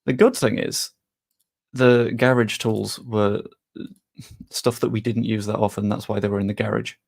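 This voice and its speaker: A man's voice: lowish voice, little pitch movement, normal speed, vocal fry, a little mellow. A man chatting casually on a live stream, rambling a little and answering viewers' messages. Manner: rambling, reads chat aloud and answers it.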